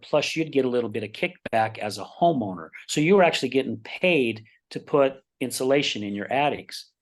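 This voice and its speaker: A middle-aged man from Utah speaks as a podcast guest and tells his own stories with energy. He acts out the voices of the people in them, and his pitch sits at a middle level for a man. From Utah, United States. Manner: animated, acts out quoted dialogue in his stories. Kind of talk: personal storytelling in a podcast interview.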